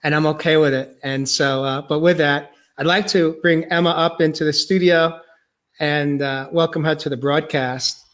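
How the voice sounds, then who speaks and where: Man, podcast host, slightly high voice, earnest, halting, choked up. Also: steady tone, a bit bright. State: choked up, near tears. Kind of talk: emotional personal testimony.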